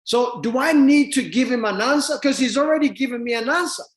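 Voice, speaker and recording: A man giving a motivational talk to an audience, telling a story with emphatic, rising delivery that builds to near-shouts. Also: extremely high pitch, a little fast, echoey room. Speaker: motivational speaker.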